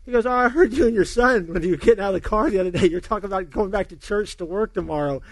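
A man's voice: sits high, rapid-fire, dry recording. A middle-aged man, a pastor, giving a sermon and telling a funny personal story, acting out the dialogue and laughing along.

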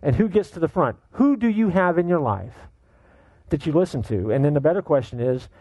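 A man preaching a sermon as pastor, animated and joking, firing off rhetorical questions at his congregation. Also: on the high side, a little fast, dry recording, rough recording.

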